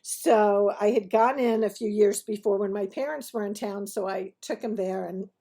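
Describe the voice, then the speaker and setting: A woman telling a funny personal story in a chatty, animated way, often laughing as she talks. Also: mid-range voice, moderate pace. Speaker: host of a restaurant review TV show. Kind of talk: casual anecdotal storytelling.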